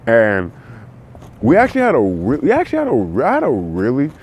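A man's voice: medium pitch, wildly swooping pitch, fairly quick, darkish tone, slightly rough. A man from California hosting a casual solo podcast, rambling with lots of restarts and repeats in a slangy way. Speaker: podcast host. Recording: faint background noise.

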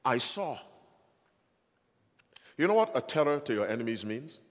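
A man's voice: medium pitch, sing-song, normal speed. Preacher guy giving a sermon, big swooping delivery, lots of questions to the crowd, long hall echo. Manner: emphatic, asks the audience questions. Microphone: handheld or stand microphone.

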